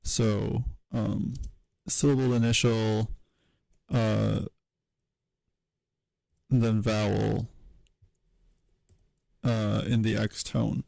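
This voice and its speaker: A man giving a casual livestream tutorial, thinking aloud at his computer in a halting way, with many fillers and self-corrections. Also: on the low side, little pitch movement, creaky, a little mellow, no room sound, low-quality recording. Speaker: streamer teaching historical linguistics.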